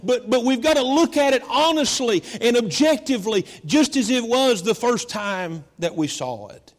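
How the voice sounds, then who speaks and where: A man preaching a sermon as pastor, repeating phrases and slowing down for dramatic emphasis. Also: very high-pitched, expressive, big-room sound. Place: church.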